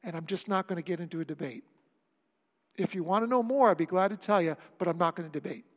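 A man's voice: high voice, quick pace, a bit bright, long reverb tail. A man preaching a sermon as pastor, talking conversationally with joking asides to the congregation before leading a prayer. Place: church sanctuary.

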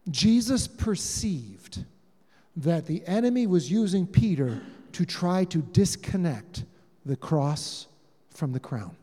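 A man preaching a sermon, telling the story with animated delivery and acting out the dialogue, his loudness rising and falling. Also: sits high, slow pace, in a large hall. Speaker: pastor.

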